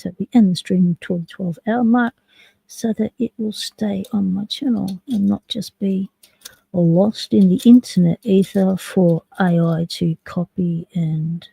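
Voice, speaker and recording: A woman's voice: mid-range voice, gravelly, warm tone, slightly rough, no room sound, poor audio. A woman from South Australia with an Australian accent, hosting a live stream and chatting casually with viewers while she picks locks. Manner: chatty, jokey, talks to chat while picking locks.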